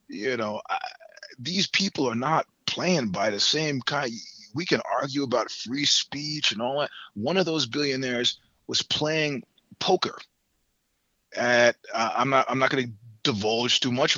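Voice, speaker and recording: Rambling, laughing man, bright husky tone. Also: mid-range voice, no echo, muffled recording. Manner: rambling, profane, laughs between points. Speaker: podcast guest. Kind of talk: casual chat.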